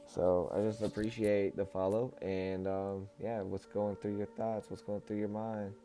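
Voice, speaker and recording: Flat, dark-voiced man reading aloud. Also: lowish voice. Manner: calm, measured reading, turning casual and friendly when greeting chat. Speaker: livestream host reading aloud. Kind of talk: reading a book aloud on a livestream, chatting with viewers.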